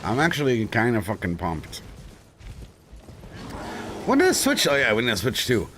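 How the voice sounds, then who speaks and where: A man's voice: medium pitch, moderate pace, slight background noise. A man streaming live, chatting casually and telling stories with lots of swearing and frequent laughter. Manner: animated, swearing storyteller who laughs often.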